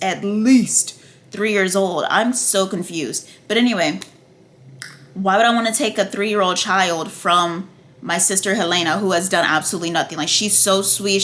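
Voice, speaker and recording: A woman talks through a TV episode recap in a loose, unscripted way, cursing freely and piling on fillers as she gets worked up. Her voice is bright and forceful. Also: mid-range voice. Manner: profane, excitable ranting with frequent fillers. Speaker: TV recap vlogger. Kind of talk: casual TV recap and review.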